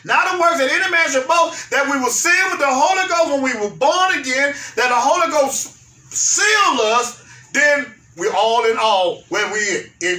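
A male pastor, preaching a fervent sermon that rises to shouts and repeats its phrases. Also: extremely high pitch. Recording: echoey room, mic far off.

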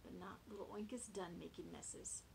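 A woman teacher reading a picture book aloud to young children, expressive and friendly. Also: fairly low pitch, normal speed, vocal fry, noisy background.

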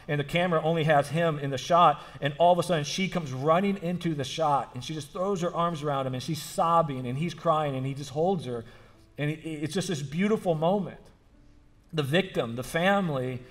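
Man, pastor, sermon, earnest, emphatic repetition, somewhat high-pitched. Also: brisk. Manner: earnest storytelling, repeating phrases for emphasis; frequent restarts and fillers like "like".

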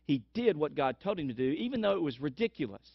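A male pastor preaches in an animated storytelling way, repeating phrases for emphasis. The recording is dry and dull, with a lo-fi sound. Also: fairly high pitch, fast talker, slightly rough, no room sound. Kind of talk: sermon.

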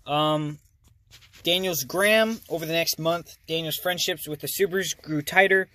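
A man's voice: on the high side, unhurried, sharp tone. A man reading a children's novel aloud as a hobby reader, earnest and casual. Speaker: audiobook reader. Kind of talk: amateur audiobook reading.

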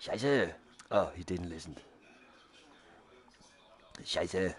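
Here is a fake-German bike racer, voiced by a man on a game stream. His voice sits low and gruff, and his put-on German accent is thick. He grumbles, swears and brags that nobody can catch him. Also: expressive, very slow, exaggerated voice. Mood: boastful. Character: blustering mock-German male pro cyclist, obsessed with time trials. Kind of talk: gaming stream role-play.

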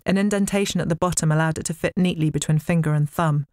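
Low-voiced woman reading her novel. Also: steady tone, fast talker, a little mellow, no room sound. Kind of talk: dramatic book reading. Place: recording studio.

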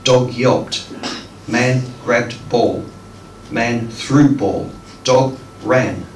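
Poet reading live, unhurried and hesitant between pieces, picked up by a far mic in an echoey room. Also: male voice, mid-range voice. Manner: slow, hesitant between poems, with many ums. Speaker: poet reading his work. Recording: echoey room, distant mic, faint noise.

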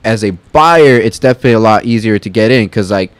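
A man's voice: fairly low pitch, fast, no room sound. A man chatting casually as a podcast guest, laid-back and full of slang. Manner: slangy, laid-back, says bro a lot. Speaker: podcast guest, NFT creator. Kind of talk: casual chat.

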